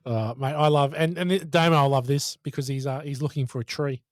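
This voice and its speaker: A man co-hosts a movie podcast in loose, jokey banter, swearing freely. His voice sits a touch high. The sound is dry and close. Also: steady tone, a little fast, dry recording. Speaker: podcast co-host. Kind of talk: casual podcast chat.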